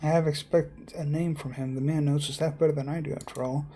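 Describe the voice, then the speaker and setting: A man reading a visual novel aloud as narrator, steady with small slips and casual asides. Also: a little high, brisk, slight background noise. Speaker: let's-play narrator.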